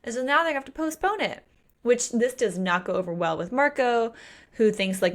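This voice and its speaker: A woman in her thirties co-hosting a casual book podcast, animated and acting out characters' lines. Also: on the high side, moderate pace. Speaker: podcast co-host.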